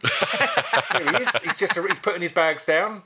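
A man in casual podcast chat, telling animated stories with frequent laughs and stumbles over his words. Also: fairly high pitch, measured pace, a little hiss or hum. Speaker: podcast panelist.

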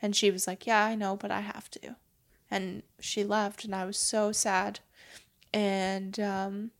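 A young woman speaks softly and hesitantly in a casual podcast conversation, often pausing and restarting her thoughts. Her pitch sits mid-range and barely moves, giving her voice an even, level sound. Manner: soft-spoken, hesitant, many fillers. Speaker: podcast guest.

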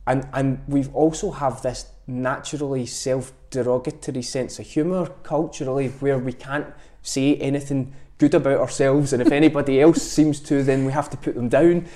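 A man's voice: mid-range voice, fairly even intonation, moderate pace, hardly any pauses, mellow. A Scottish man speaking as a podcast guest, thoughtful and reflective, often restarting his sentences. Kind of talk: reflective conversation.

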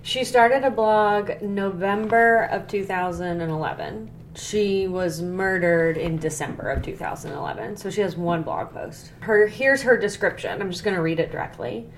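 A woman co-hosts a casual podcast in a mid-pitched voice. She talks frankly and swears freely. A faint hiss sits under the recording. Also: lively intonation, normal speed, hardly any pauses. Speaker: podcast co-host.

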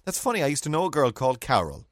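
A man from the west of Ireland with a Mayo accent, chatting casually as a podcast co-host and telling stories with quick exclamations and laughter. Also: mid-range voice, no room sound, clean studio sound. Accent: Irish, Mayo. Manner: animated, laughing storyteller with exclamations. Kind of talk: casual chat.

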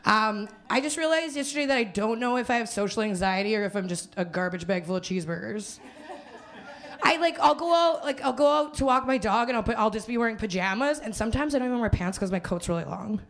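Woman stand-up from Winnipeg, high voice, loose rambling self-deprecating delivery. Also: fast talker. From Winnipeg, Canada. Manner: rambling, self-deprecating, with frequent laughs and put-on quoted voices. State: hungover. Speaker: stand-up comedian. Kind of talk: stand-up set before a live audience.

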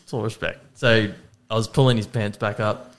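A man's voice: on the low side, level tone, moderate pace. A young Australian man from Queensland, co-hosting a podcast and telling a long story in casual chat, swearing freely and laughing as he goes. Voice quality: swears freely, laughs through his stories. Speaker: podcast co-host.

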